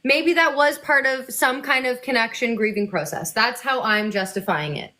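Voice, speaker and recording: Bright animated woman guest, slangy. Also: fairly high pitch, normal speed. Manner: animated reactions, slangy and swearing. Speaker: guest actor. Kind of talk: casual chat.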